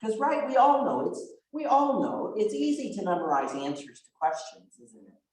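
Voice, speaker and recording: Lively high-voiced pastor in his sixties. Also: moderate pace. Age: 60s. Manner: animated, asks the congregation questions. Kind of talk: sermon. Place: church sanctuary. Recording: echoey church sanctuary.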